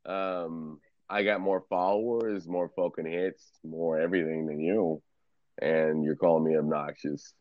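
A low-voiced man chatting on a video stream, relaxed and mocking, with swearing in nearly every sentence. The audio is dry and dull, like cheap webcam sound. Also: measured pace, no room sound. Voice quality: heavy swearing, laid-back, teasing. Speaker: streamer and tarot card reader. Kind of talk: casual video chat banter.

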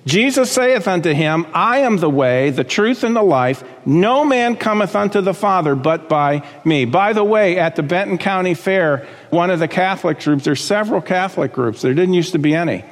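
A man's voice: high voice, lively intonation, moderate pace, hardly any pauses, in a large hall. A man preaching a sermon as pastor, talking conversationally with asides and checking in with the congregation.

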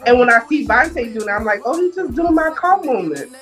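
A woman's voice: on the high side, a little fast, faint music behind. A woman in casual chat who tells stories animatedly and acts out what people said. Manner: animated, playful storyteller acting out quotes.

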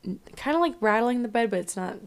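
A woman's voice: fairly high pitch, lively intonation, quick pace, creaky. A woman co-hosting a podcast in a casual chat, animatedly recapping a horror movie, swearing and saying "like" a lot. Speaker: podcast co-host.

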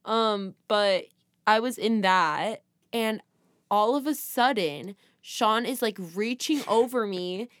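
A woman co-hosting a casual podcast, chatty and giggly, leaning on lots of filler words as she talks to her listeners. Her voice sits at a middle pitch, and the recording is dry and close. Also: slow pace, a bit bright, dry recording. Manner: chatty, laughing, lots of "like" and "you guys". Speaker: podcast co-host. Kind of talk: casual chat.

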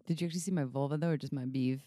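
A woman's voice: very deep voice, fairly even intonation, very fast, warm tone, no room sound. A woman co-hosting a podcast, chatting frankly and playfully and laughing often. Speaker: podcast co-host, sex educator. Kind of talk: casual podcast chat.

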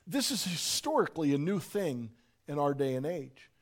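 A man preaching a sermon, dropping to a near hush and then rising to shouts. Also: a little high, big pitch swings, moderate pace. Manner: swings from soft hush to shouting. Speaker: pastor.

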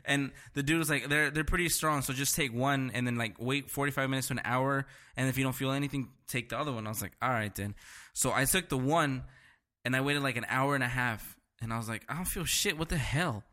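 A man's voice: mid-range voice, a little fast, sharp tone. A man chatting casually, trading laid-back and profane stories. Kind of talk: casual chat.

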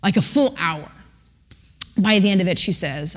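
Animated woman telling a story in a hall. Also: on the low side, fairly quick. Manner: animated, acts out quotes with voices. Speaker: speaker giving a testimony. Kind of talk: storytelling talk to a church audience. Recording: long reverb in a large hall.

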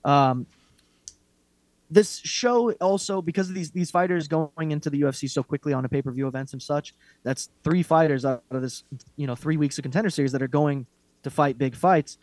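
A man's voice: a little high, fairly quick, darkish tone, no room sound. A man co-hosting a casual fight podcast, ranting bluntly and mockingly with plenty of profanity. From Irish heritage. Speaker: podcast co-host. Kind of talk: casual MMA chat.

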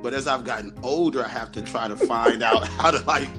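A man's voice: mid-range voice, brisk, music in the background. A man in his forties, a basketball coach hosting a casual chat, telling stories animatedly and laughing often. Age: 40s.

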